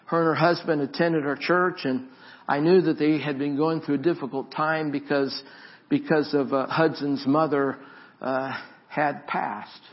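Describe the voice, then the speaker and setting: A man preaching a sermon as pastor, swinging from loud emphatic exhortation to soft, reflective storytelling. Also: on the high side, lo-fi sound.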